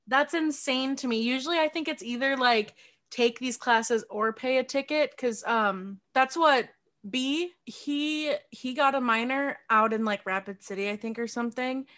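Higher-voiced woman co-host chatting. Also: moderate pace, a bit bright. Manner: laughs along, asks short questions. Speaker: podcast co-host. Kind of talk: casual chat.

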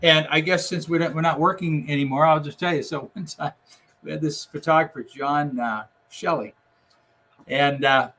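A man's voice: fairly high pitch, fairly even intonation, normal speed, pushed and bright. An older man, a retired reporter, telling rambling newsroom anecdotes in a casual conversation, acting out the quotes.

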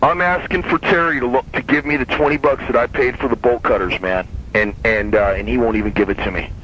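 A man's voice: medium pitch, a little fast, fairly bright tone, slight background noise. A man telling a long, heated story in casual chat, profane and rambling, often restarting his sentences. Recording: dull lo-fi sound.

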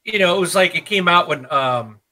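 A man's voice: high-pitched, a little fast, rough recording. A man in his thirties co-hosting a casual gaming chat, rambling and laughing as he talks. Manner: rambling, animated, laughs often. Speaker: podcast co-host.

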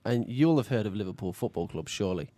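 A man's voice: fairly low pitch, expressive, quick pace, mellow, dry recording. A man hosting a casual chat, playful and teasing, and often laughing.

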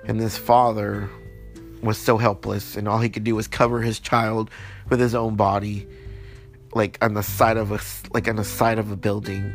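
Frustrated, rambling man, cursing freely. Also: fairly low pitch. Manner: rambling, frustrated, profane, many restarts. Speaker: podcast host. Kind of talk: late-night solo monologue.

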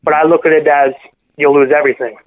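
Guy on a phone line, kinda high voice, halting and earnest, keeps correcting himself. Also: little pitch movement. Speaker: podcast guest. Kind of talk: emotional personal storytelling.

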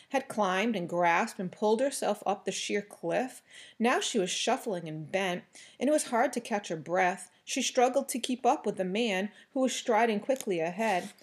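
Female audiobook reader, mid-pitched, even storytelling delivery. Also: slightly rough. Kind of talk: reading a novel aloud.

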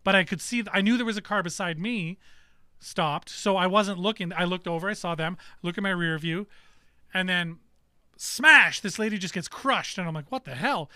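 A man co-hosting a podcast, telling a story in casual chat, animated and swearing freely. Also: high voice, fairly quick, smooth, no room sound, studio quality. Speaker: podcast co-host.

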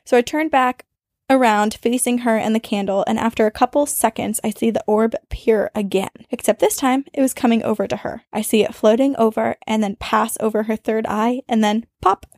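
A woman podcast host reading a listener's ghost story aloud, with dramatic storytelling that speeds up and slows down for suspense. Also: fairly high pitch, darkish tone, dry recording, clean studio sound.

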